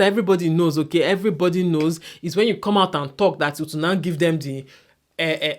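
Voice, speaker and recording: A woman's voice: deep voice, a little mellow. A woman with a Nigerian accent hosting a commentary vlog, speaking bluntly and emphatically to camera. She mixes pidgin into casual talk and often ends points with "okay?". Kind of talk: casual opinion monologue to camera.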